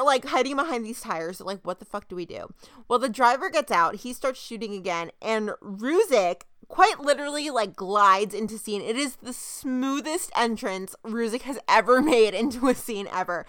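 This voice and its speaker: A young woman casually recapping a TV episode as a podcast co-host, telling the plot in an animated, chatty way. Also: fairly high pitch, normal speed, dry recording, clean studio sound. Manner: chatty, animated retelling with quoted voices. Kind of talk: casual chat.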